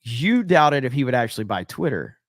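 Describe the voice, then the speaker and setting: Speaking fairly quickly and with lots of animation, this mid-range male voice belongs to a livestream co-host from Alabama. He keeps the talk casual and profane, reading chat aloud, and the studio recording is clean and echo-free.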